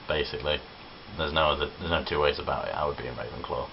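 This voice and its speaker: A young man with an extremely deep, low voice chats cheerfully to his camera, answering questions and swearing freely. The sound is dull and lo-fi, with a faint hiss under it. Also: fast talker, gravelly. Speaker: vlogger. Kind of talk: casual chat answering questions. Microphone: camera on tripod.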